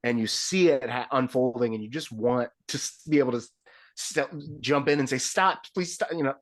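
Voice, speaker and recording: Male podcast guest, mid pitch, wry and chatty. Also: fairly quick. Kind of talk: casual movie discussion.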